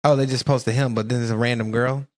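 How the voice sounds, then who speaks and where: A man's voice: medium pitch, fairly even intonation, fast talker, no room sound. Southern guy reacting to songs, laid back drawl, dry close sound. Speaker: reaction video co-host. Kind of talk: casual reaction chat.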